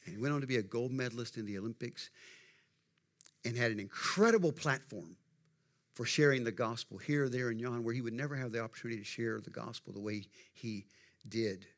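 A man's voice: medium pitch, fairly quick. A middle-aged man preaching a sermon to his congregation in a folksy, conversational way, asking them questions as he goes. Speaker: pastor.

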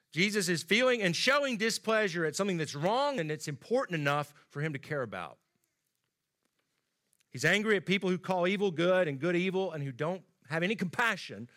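Bright-voiced male preacher. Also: high voice, expressive, brisk. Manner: conversational, acts out quoted lines with rising emphasis. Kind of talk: sermon.

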